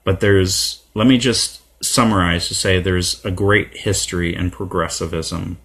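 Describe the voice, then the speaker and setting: Man with a low, gravelly voice, ranting to camera, angry and profane. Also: steady tone, unhurried, fairly bright tone. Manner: irate, profane, with fillers and repetitions. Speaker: video blogger. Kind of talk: impassioned political monologue.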